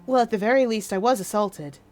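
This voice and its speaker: A woman's voice: mid-range voice, fairly quick, a little mellow, close to an everyday voice. A woman voicing an aggrieved, self-pitying man, whiny and indignant. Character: aggrieved male murder victim, self-pitying.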